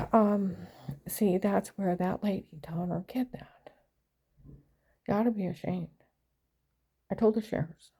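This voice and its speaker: A woman's voice: medium pitch, takes it slowly, pauses often, darkish tone, slightly rough, low-quality recording. An older woman rambling through an aggrieved story in a casual monologue.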